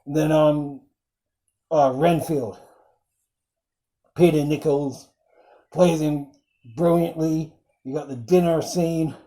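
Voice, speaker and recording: Slow rambling movie reviewer, super mellow low tone, does little bits of the lines. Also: fairly even intonation, poor audio. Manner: retells scenes and acts out quoted lines; rambling with frequent ums. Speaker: film reviewer. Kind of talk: casual film review.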